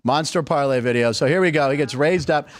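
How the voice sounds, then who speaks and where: A man's voice: a little high, brisk, slight background noise. A middle-aged man hosting a sports show, telling stories in a chatty, joking way. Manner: chatty, jokey, animated storytelling. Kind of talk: casual sports talk.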